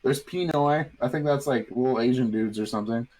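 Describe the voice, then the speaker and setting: A man's voice: medium pitch, brisk, darkish tone, low-quality recording. A man co-hosting a podcast in crude casual chat, giggly as he reads things out. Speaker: podcast co-host.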